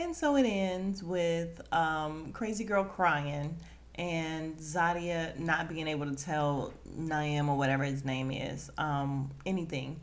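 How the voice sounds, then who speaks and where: A woman, recapping a reality dating show on her podcast. She talks in a sassy, animated way and slips into the voices of the people she quotes. Her voice sits a little low for a woman. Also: slow pace. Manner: sassy, animated, quotes cast members with attitude. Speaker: podcast host.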